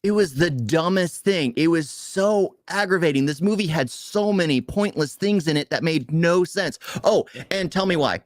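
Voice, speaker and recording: A man's voice: a little high, lively intonation, moderate pace, hardly any pauses, dry recording. A man co-hosting a casual movie review, ranting in frustration with rhetorical questions.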